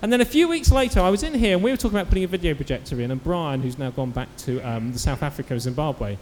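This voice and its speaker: Man, church preacher, animated sermon storytelling, bright high pitch, faint room ambience. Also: fast, long reverb tail, slight background noise. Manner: animated storytelling with acted quotes. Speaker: pastor.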